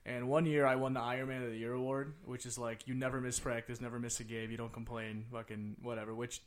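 A young man from the Chicago area hosting a casual chat, telling stories with heavy swearing that gets loud and laughing as they build. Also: mid-range voice, flat delivery, fast talker.

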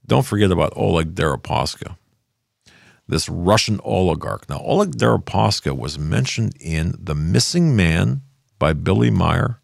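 A man's voice: low-pitched, vocal fry, no room sound. An older man hosting a rambling political commentary monologue from his home office studio, often losing his thread and picking it back up.

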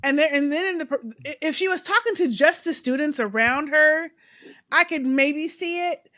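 Woman cohost, bright slightly high voice, steady explainer. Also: normal speed. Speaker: show reviewer. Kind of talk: casual chat.

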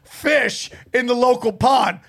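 A man co-hosting a casual comedy podcast, talking in a loud, excitable and crude jokey way. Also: very high-pitched, takes it slowly, creaky, very noisy. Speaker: podcast co-host.

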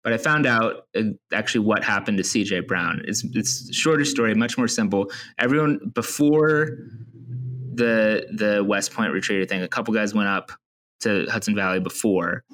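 Male podcaster, lowish voice, rambling deadpan comic storyteller. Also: normal speed. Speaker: podcast co-host. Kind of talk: casual comedic chat.

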